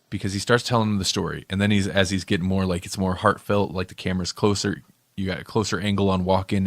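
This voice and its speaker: A man's voice: sits low, no echo, studio quality. A man co-hosting a podcast, chatting casually about a film, rambling and correcting himself as he goes. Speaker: podcast co-host. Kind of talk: casual movie review chat.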